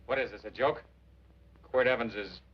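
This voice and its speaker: An actor playing a sneering western outlaw in a 1940s film, sardonic and mocking. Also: male voice, mid-range voice, moderate pace, husky, natural voice. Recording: muffled old film soundtrack with score.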